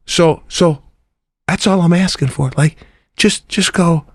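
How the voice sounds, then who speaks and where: A middle-aged man co-hosts a podcast, venting with exasperation in casual conversation and acting out what other people said. His voice sits on the high side and is expressive at a moderate pace, recorded at studio quality with no echo.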